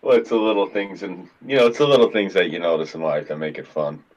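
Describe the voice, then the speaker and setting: A man's voice: low-pitched, fast, highs cut off. Profane, rambling male podcast storyteller. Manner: profane, rambling storyteller who acts out quotes. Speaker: podcast co-host. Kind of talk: casual chat.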